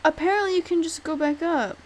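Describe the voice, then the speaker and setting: A young woman giving let's-play commentary, chatty and talking herself through the route, mumbling some lines quietly to herself. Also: extremely high pitch, brisk, low-quality recording. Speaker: gamer streamer.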